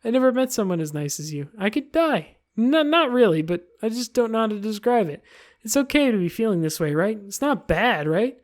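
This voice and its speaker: A woman's voice: medium pitch, sing-song, brisk, pitched above the performer's own voice, natural voice. Woman putting on obsessive shy teen Yuri. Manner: breathless, unsettling adoration.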